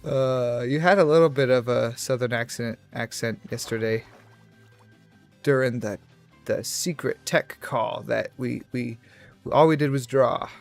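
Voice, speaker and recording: A man's voice: mid-range voice, a little slow, creaky. Young male streamer, chatty and self-deprecating, drifting between tangents over faint music. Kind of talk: casual livestream chat while gaming.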